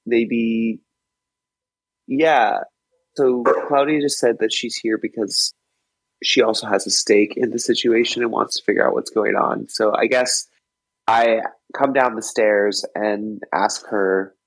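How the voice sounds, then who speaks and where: Slow, husky-voiced male player. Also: on the low side, steady tone, rough recording. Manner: easygoing, laughing, hesitant. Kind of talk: casual tabletop play.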